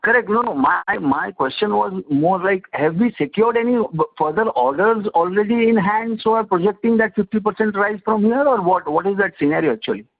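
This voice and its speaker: A man asking halting, filler-heavy questions as an analyst on an earnings call. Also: high voice. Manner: halting, many fillers and restarts. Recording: phone-like conference line.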